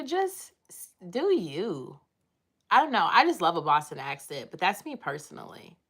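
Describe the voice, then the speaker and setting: A woman's voice: medium pitch, fairly bright tone. A woman hosting a casual livestream, rambling and chatting as she reads and answers viewer comments from home. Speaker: livestream host. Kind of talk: casual live chat.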